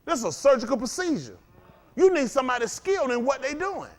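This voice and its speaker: Male preacher, high voice, lively swooping pitch, questions the crowd, sermon. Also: fast. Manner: animated, asks the crowd questions, swings between loud and low. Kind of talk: sermon to a congregation. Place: congregation hall.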